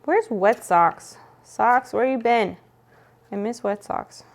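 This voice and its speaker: A woman's voice: fairly high pitch, slow. Woman streamer, casual playful chat with viewers, teasing tone. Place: home.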